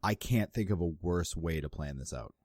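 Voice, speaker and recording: A very deep-voiced man talks casually on a podcast, picking things apart with dry, critical humor. His voice is recorded close and dry. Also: animated, normal speed, a little mellow, dry recording. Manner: critical, nitpicking, wry. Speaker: podcast co-host. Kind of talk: casual chat.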